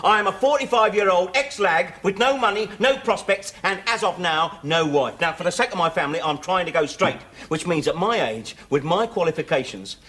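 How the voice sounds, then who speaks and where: A man's voice: high-pitched, lively intonation, a little fast, few pauses, bright, forceful tone. An actor playing a sardonic middle-aged ex-convict father, wisecracking and dry. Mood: wry. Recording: noisy old TV sitcom recording.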